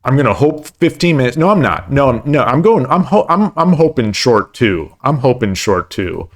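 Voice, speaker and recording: At home, a man live-streams himself playing shogi online, offering commentary as he plays. His medium-pitched voice has a sing-song quality and a moderate pace, and he rambles and stammers, repeating words and joking self-deprecatingly about his losing streak.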